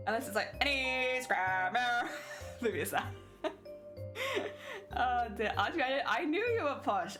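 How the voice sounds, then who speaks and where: A woman's voice: mid-range voice, fairly bright tone. A young woman streaming, chatting casually and laughing often while she reads chat.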